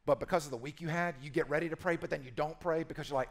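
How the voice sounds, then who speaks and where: A man's voice: a little high, fairly even intonation, racing. A man preaching a sermon as a pastor, playful and emphatic, acting out quoted voices and repeating key phrases.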